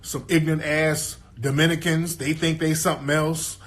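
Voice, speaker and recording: A man holds forth in a loose, emphatic monologue, streetwise and profane. He keeps checking that the listener is with him, and his voice sits somewhat high for a man. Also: level tone, normal speed, a bit bright. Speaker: guest commentator. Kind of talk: casual monologue.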